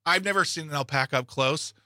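A man's voice: a little high, fast, sharp tone. Sarcastic man co-hosting radio. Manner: joking, sarcastic. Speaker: radio co-host. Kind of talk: casual radio banter.

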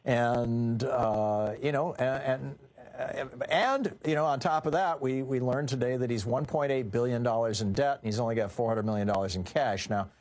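A man's voice: medium pitch, normal speed, darkish tone. A man hosting a call-in radio talk show, conversational and opinionated with many fillers.

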